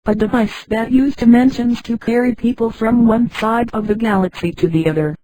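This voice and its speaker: A woman reading a calm man in hiding. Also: very high voice, normal speed, no echo, poor audio.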